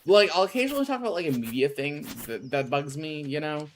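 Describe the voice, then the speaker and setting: A man's voice: a little high, expressive, fast, slight background noise. A man chatting casually on a game stream, rambling and goofy, often stopping to restart his sentences. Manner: rambling, self-interrupting, goofy asides. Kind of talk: casual chat while gaming.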